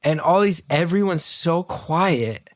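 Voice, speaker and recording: A man's voice: on the high side, expressive, takes it slowly, no echo, studio quality. A man from North Jersey telling a long, self-deprecating story on a video call, swearing freely and acting out the voices of the people in it. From North Jersey, United States. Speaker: guest storyteller. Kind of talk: casual anecdote told on a video call.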